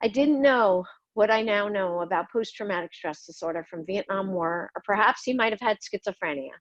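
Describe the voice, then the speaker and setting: This is personal memoir narration from a middle-aged woman who hosts a podcast, speaking briskly in a mid-range voice. She is somber and confessional about her life, blunt and sometimes cursing. The sound is lo-fi, with no room sound.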